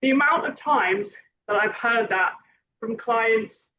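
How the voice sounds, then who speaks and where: High-voiced, slightly hoarse woman. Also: slow. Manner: chatty, rambling, self-correcting. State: slightly hoarse, losing her voice. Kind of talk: casual podcast chat. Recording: distant muffled mic with background noise.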